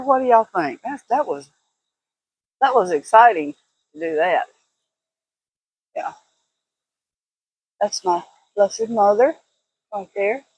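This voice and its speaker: A woman's voice: mid-range voice, husky, no room sound, poor audio. An older woman chatting casually to camera as a vlogger, laughing often in a folksy way. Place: at home, walking indoors and out.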